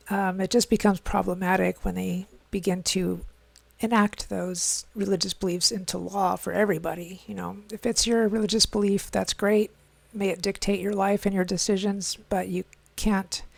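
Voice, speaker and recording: A woman's voice: medium pitch, creaky, a little mellow, no echo. A woman hosting a podcast, giving a casual monologue of commentary and thinking aloud with many fillers and restarts. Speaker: podcast host.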